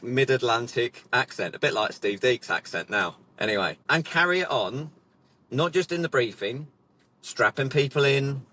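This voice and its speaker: A man's voice: medium pitch, sharp tone. A middle-aged man, a racing instructor, telling a rambling, self-deprecating anecdote from his car while sat in traffic. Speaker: racing instructor and vlog host. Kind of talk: casual anecdote.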